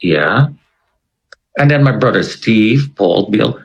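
Man telling a story with lively pitch. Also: slow, vocal fry, muffled recording. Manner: vivid, conversational retelling with quoted dialogue. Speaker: interview guest. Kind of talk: personal storytelling.

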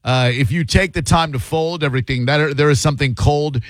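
A man's voice: a little high, fairly quick, no room sound. A man hosting a call-in radio show, talking in a wry, joking and opinionated way into a studio microphone.

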